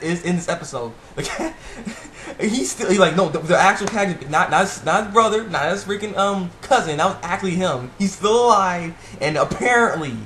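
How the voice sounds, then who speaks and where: A man casually recapping a TV episode, rambling and excitable, with lots of fillers and restarts. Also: a little high. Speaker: TV episode reviewer. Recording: echoey room with faint background noise.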